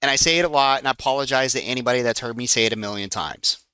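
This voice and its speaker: An eager man in his forties leads a live trading session. His voice is bright and forceful, clean and smooth, recorded close and dry. He talks in a chatty, excitable way and keeps breaking off to handle trades. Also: mid-range voice, racing, no room sound. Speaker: trading educator. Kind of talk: live trading room teaching.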